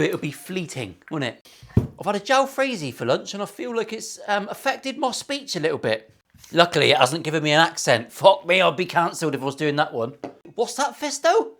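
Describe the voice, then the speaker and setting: In a casual workshop vlog on his own channel, a middle-aged guitar maker rambles, swears and pokes fun at himself. His voice is a little high and a bit bright.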